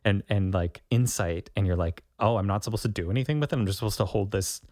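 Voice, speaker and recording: A man's voice: lowish voice, fast, a little mellow, no room sound, studio quality. A man co-hosting a podcast, talking casually and playfully with homely analogies. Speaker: podcast co-host.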